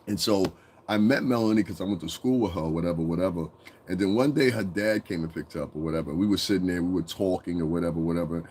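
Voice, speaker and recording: A man's voice: sits low, warm tone, slight background noise. A man from Connecticut hosting a casual commentary monologue, profane and rambling, breaking into mocking impressions. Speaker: commentary channel host.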